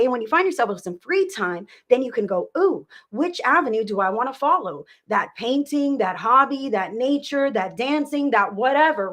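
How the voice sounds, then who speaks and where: A woman with a mid-range, slightly bright voice gives a psychic reading on a livestream. Her manner is chatty and affectionate, peppered with endearments, and she asks "okay?" after every point.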